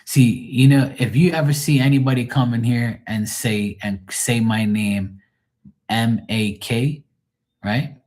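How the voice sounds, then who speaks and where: A man from Bermuda, chatting casually on a livestream as a tarot reader, telling lively stories and swearing freely. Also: mid-range voice, unhurried. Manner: animated storyteller who swears freely and acts out other voices.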